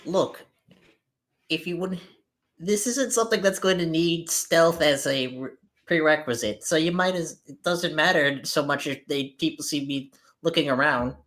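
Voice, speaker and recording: A tabletop player who speaks casually and plainly at a middle pitch, laying out plans step by step in a matter-of-fact way. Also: normal speed, a bit bright. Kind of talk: tabletop role-play.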